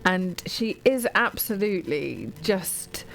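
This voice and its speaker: Middle-aged English woman, chatty radio book guest, lower register, rambling and effusive. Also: very animated, slow, vocal fry, a bit bright, soft background music, rough recording. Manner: gushing, digressive, many ums and restarts. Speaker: radio show guest or presenter talking books. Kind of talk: casual chat about books on radio.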